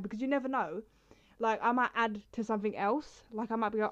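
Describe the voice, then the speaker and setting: A woman's voice: fairly high pitch, animated, fast talker, a bit bright. A young woman vlogger talking casually about her poems and reading them, rambling and interrupting herself as she goes. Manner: rambling, chatty, self-interrupting. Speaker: poetry vlogger. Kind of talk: casual chat and poetry reading. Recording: slightly dull lo-fi sound.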